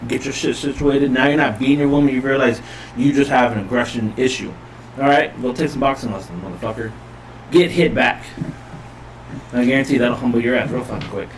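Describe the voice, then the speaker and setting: A man's voice: mid-range voice, steady tone, a little hiss or hum, poor audio. A man co-hosting a podcast, talking crudely and bluntly in casual chat. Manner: fast, crude, agreeable. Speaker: podcast co-host.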